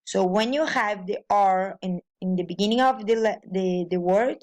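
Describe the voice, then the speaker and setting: A woman's voice: mid-range voice, normal speed, darkish tone. A woman from Brazil with a Brazilian Portuguese accent, explaining pronunciation and grammar as a language teacher, with frequent restarts and fillers.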